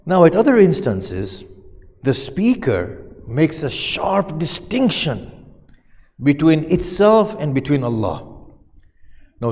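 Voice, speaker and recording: A man's voice: medium pitch, darkish tone. A man giving a religious lecture who recites verses, translates them and puts questions to his listeners. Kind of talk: Muharram lecture on Quranic verses. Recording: long hall reverb.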